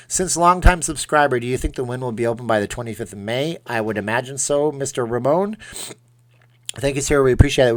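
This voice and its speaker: A man's voice: mid-range voice, fairly bright tone. A man hosting a casual live stream from home, reading viewer comments aloud and answering them in a chatty, self-deprecating way.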